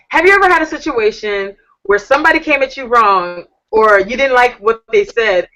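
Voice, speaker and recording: Chatty lady host on a video call, bright sharp voice, playful teasing questions. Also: a little high, low-quality recording. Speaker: talk show co-host.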